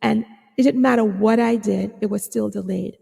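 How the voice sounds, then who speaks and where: A woman hosting her own podcast as a psychotherapist, talking earnestly with many fillers and restarts, a little hoarse. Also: medium pitch, fairly even intonation, moderate pace, mellow, big-room sound. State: slightly hoarse, clearing her throat. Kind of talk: reflective solo podcast talk.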